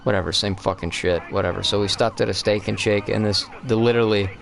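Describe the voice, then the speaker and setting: A man's voice: on the low side, fairly even intonation, fast, gravelly. A young man co-hosting a live stream, telling rambling stories in a casual, profane chat while he plays a game. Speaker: streamer co-host.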